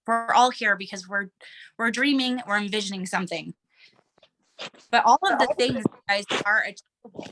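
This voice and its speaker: A woman in her thirties speaks to her team in an earnest, emotional motivational talk, stumbling and restarting now and then. Her voice is bright and sits a little high. It sounds like she is recording from a room in her home. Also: a little fast.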